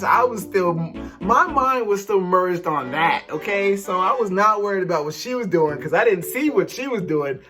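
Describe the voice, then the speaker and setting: Young man, vlogger, storytime monologue, slangy, animated, fairly high voice, music playing behind. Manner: animated, slangy, acts out quotes.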